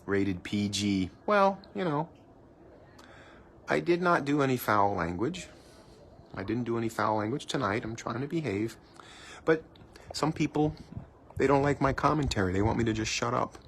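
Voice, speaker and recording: A man's voice: medium pitch, expressive, normal speed, pauses often, slight background noise. A man live streaming from his cruise ship balcony on a handheld phone, chatting playfully and teasing himself while he narrates what he sees. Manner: chatty, playful, self-mocking banter.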